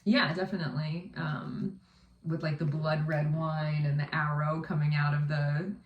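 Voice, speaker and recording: A vocal coach in her thirties reacts to a music video in a casual chat, leaning heavily on "um" and "like." Her deep voice is flat and measured, with the highs cut off. The recording sounds roomy and echoey, as if she sits away from the mic.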